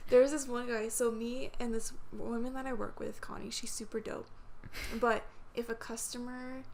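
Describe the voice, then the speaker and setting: Young woman telling stories, gravelly and high. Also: moderate pace, a little hiss or hum. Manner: animated storytelling, acting out customers, frequent laughter and swearing. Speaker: podcast host. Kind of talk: casual chat.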